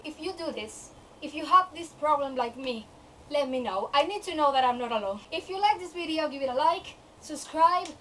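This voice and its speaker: A young woman book vlogger ranting to camera in a chatty, exasperated way, acting out the voices in her head. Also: high-pitched. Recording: distant mic with faint noise.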